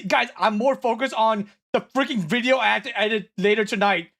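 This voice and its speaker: Excitable young man. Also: high voice, a little fast. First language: Korean. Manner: excitable, apologetic and sweary, with frequent laughter and restarts. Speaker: streamer. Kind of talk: casual live-stream chat reacting to viewer messages.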